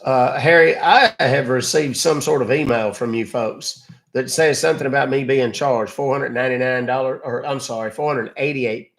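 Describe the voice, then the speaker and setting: A man's voice: medium pitch, fairly bright tone, natural voice. A man with a still-recovering voice, playing a polite, rambling caller who fumbles his numbers. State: voice not fully recovered. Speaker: scam-baiting caller.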